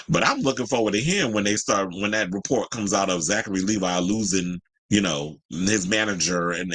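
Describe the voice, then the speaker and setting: A man's voice: medium pitch, pushed and bright, no room sound, poor audio. A man hosting a celebrity news commentary show, ranting bluntly and heatedly, with a lot of cursing. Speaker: commentary host.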